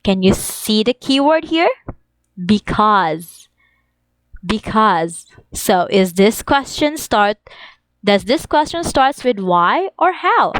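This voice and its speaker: A woman teaching an English lesson to young children, reading examples slowly in an exaggerated sing-song way. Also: mid-range voice, very animated, no room sound.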